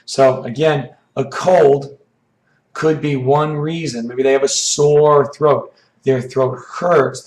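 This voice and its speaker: A man teaching an English idiom lesson, his voice hoarse and froggy from allergies, explaining slowly with frequent "okay"s. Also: medium pitch, darkish tone, reverberant, low-quality recording. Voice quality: froggy, rough throat.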